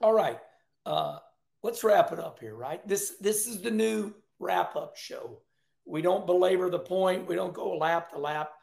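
A folksy man in his sixties talks racing on his own show, laughing and repeating himself as he goes. His voice is high for a man and gravelly, and it rings in an echoey room. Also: unhurried, a little mellow. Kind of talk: casual commentary.

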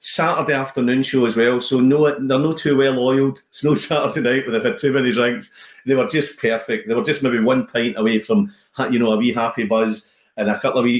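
A Scottish man, a comedian and guest, chatting casually and telling animated stories with many restarts. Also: medium pitch. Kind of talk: casual chat. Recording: roomy echo.

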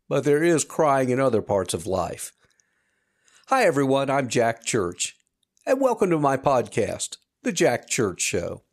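A man's voice: mid-range voice, big pitch swings, unhurried. Earnest man in his fifties hosting a podcast. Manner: earnest, reflective, direct to listeners. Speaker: podcast host. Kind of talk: personal monologue.

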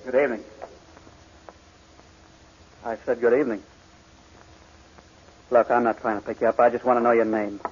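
An actor playing a threatening male attacker who talks low and coldly insistent, in 1940s radio acting on a noisy, dull old recording. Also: flat delivery, normal speed, long pauses, close to an everyday voice. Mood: menacing. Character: menacing male street attacker.

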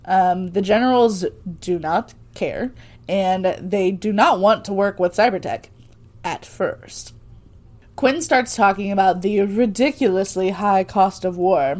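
A woman's voice: medium pitch, darkish tone. A young woman co-hosting a podcast, recapping a TV episode in casual, sarcastic chat and laughing often. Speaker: podcast co-host.

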